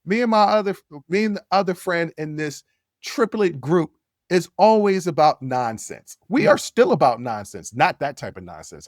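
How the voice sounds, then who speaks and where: Animated man telling a story. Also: moderate pace, dry recording, clean studio sound. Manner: animated, repeats phrases, jumps to high yells when quoting. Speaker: podcast host. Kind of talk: casual storytelling.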